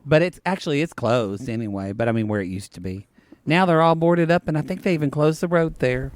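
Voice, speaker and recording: A man co-hosting a casual podcast, gossipy and animated, swearing freely and breaking into shrieks. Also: on the high side, fairly quick. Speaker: podcast co-host. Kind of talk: casual chat.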